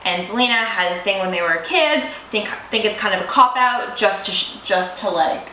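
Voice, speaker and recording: Speaking at a normal speed in a mid-range voice that sounds pushed and bright, a young woman co-hosts a laid-back TV review chat. She's giggly and effusive and swears casually, and the echoey room carries a faint hiss.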